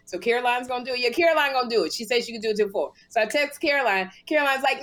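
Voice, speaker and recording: An animated woman co-hosting a casual podcast, jumping up and down in pitch as she acts out both sides of a conversation. Her speech is loose and casual. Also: fast, hardly any pauses. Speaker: podcast co-host.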